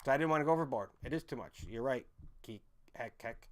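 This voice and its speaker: A man's voice: medium pitch, fast. A young man streamer chatting casually, rambling, repeating himself and often apologizing.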